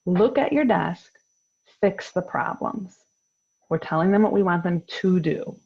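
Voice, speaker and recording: A woman in her thirties leads a parenting workshop over a video call, explaining calmly and firmly. Her voice sits a little low, with a husky, gravelly texture. The sound is dull and lo-fi, as a call mic gives it. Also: unhurried. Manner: calm, firm, explanatory. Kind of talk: online workshop presentation.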